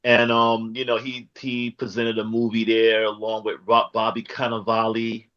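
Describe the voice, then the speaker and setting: A man's voice: fairly low pitch, completely flat delivery, moderate pace, a bit bright, lo-fi sound. A man interviewing a guest in a casual chat, rambling and searching for words.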